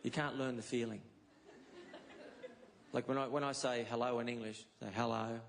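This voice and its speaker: A man's voice: medium pitch, moderate pace, vocal fry. A middle-aged Australian man performing a stand-up comedy set, telling stories and slipping into voices of the people in them. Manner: storytelling with voiced characters, animated impressions. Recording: live set with audience crowd and noise. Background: audience laughter.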